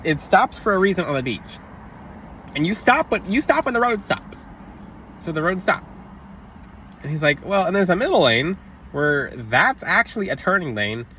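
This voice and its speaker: A man telling a personal story in a casual, rambling monologue, interrupting himself and bursting into loud re-enacted shouts. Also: fairly high pitch. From Florida. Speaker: religious vlogger. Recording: slightly distant mic, faint outdoor traffic noise.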